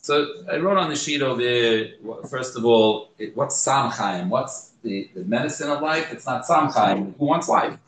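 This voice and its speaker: A man teaching a study group, acting out the story's dialogue with sudden pitch jumps, restarting his sentences and translating each quoted line. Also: normal speed, few pauses, fairly bright tone, echoey room, low-quality recording. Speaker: Torah class teacher.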